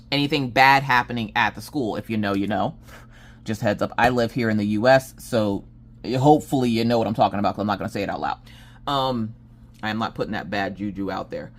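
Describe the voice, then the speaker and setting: A woman hosting a crafting vlog, chatting casually and acting out the people in her anecdote with lots of asides. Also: extremely low pitch. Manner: animated, acts out the other people in her stories; chatty with many fillers and asides. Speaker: crafting channel host. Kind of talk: casual storytelling chat.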